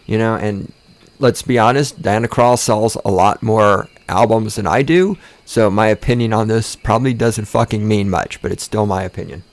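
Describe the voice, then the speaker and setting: A man's voice: on the low side, normal speed. A man hosting a podcast, ranting casually with lots of swearing and sarcasm, often repeating words and restarting sentences when worked up. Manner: sarcastic, swears often, mocks with exaggerated voices. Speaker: podcast host. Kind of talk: casual profane rant.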